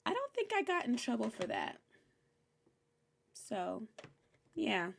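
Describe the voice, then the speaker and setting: A young woman hosting a recap show, chatting casually and candidly, animated and swearing freely. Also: a little high, slow pace, creaky, a little hiss or hum. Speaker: host recapping a TV episode. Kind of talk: casual chat.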